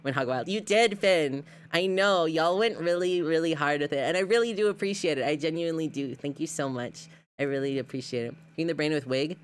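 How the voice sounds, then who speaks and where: A woman's voice: deep voice, fairly quick, clear, resonant tone. A young adult woman streamer in casual live-stream chat, reading her chat aloud and gushing over clips she shows.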